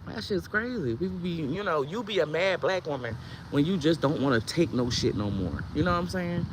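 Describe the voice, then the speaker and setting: A woman's voice: low voice, lively intonation, brisk, noisy background. A woman who sells herbal products, ranting on her vlog in a heated, blunt, profane way. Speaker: herbal products seller and content creator.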